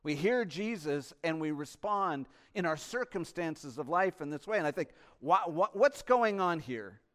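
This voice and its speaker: A male pastor delivering an impassioned sermon, swinging between loud emphasis and hushed asides and posing rhetorical questions to the congregation. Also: on the high side, expressive, measured pace.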